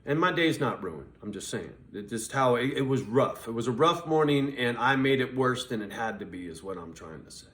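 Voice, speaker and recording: A man's voice: medium pitch, animated, fairly quick, few pauses, fairly bright tone. A man vlogging in a casual, profane, rambling storytelling monologue, confessing and acting out both sides of his phone calls. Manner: acts out both sides of conversations.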